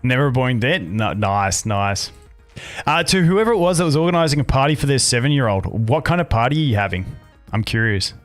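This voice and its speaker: A man's voice: mid-range voice, expressive, a little fast. A man with an Australian accent, born in Canada, chatting loosely with his viewers as a gaming streamer, full of "like" and "dude". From Canada, raised in Australia. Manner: rambling, chatty, frequent "like" and "dude". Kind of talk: casual chat with live chat. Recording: faint music behind.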